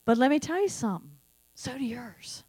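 A woman's voice: a little high, lively intonation, normal speed, a little mellow, breathy edge, no echo. A middle-aged woman pastor preaching a sermon in an earnest, conversational way, repeating key phrases. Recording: dry with faint mains hum.

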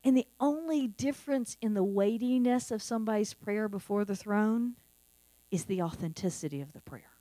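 A woman's voice: medium pitch, moderate pace, dark tone, no echo. A middle-aged woman delivers a sermon in an earnest, conversational voice, leaning on repeated phrases. The sound is dry and close. A faint mains hum runs underneath. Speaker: pastor.

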